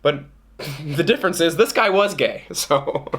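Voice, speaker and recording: A man telling a dating story to camera in a casual, jokey way, often jumping into high mock voices. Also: very animated, measured pace, fairly bright tone.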